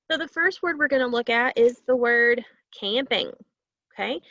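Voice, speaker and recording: A woman teaching a phonics lesson to young children, slowly stretching out sounds and syllables. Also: on the high side, fairly bright tone, dry recording, muffled recording.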